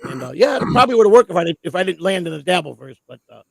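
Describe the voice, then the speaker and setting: A man's voice: high voice, big pitch swings, very fast, vocal fry, poor audio. A man co-hosting a casual talk stream, telling long stories in a rambling, profane way and stumbling over repeated words as he starts sentences. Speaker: co-host.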